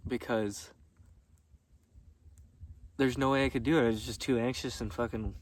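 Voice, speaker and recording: A young man telling stories casually, laughing often and swearing freely while walking outdoors on a gravel road. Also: medium pitch, steady tone, normal speed. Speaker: vlogger. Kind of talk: casual storytelling. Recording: distant mic with faint background noise.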